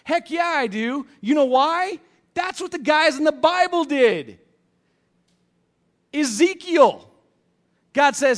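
Brief: high-pitched man in his thirties, pastor giving a blunt, joking, casual sermon. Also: very animated, measured pace, long pauses. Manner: casual, blunt and joking, with big swings in loudness.

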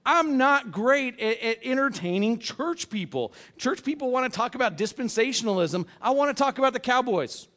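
Brief: high-pitched man in his thirties, pastor giving a blunt, joking, casual sermon. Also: expressive, moderate pace, few pauses. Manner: casual, blunt and joking, with big swings in loudness.

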